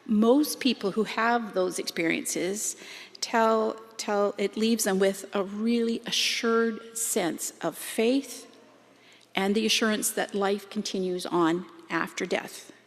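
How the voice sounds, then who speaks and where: A woman's voice: mid-range voice, fairly even intonation, slow. A middle-aged Canadian woman giving a sermon in a church, speaking in a chatty, self-deprecating way. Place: church sanctuary. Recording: long hall reverb.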